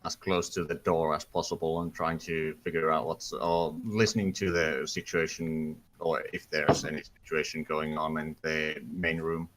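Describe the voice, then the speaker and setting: A man playing in a tabletop game, describing his character's actions in a relaxed way. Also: very deep voice, moderate pace, few pauses. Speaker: player. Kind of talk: casual tabletop play.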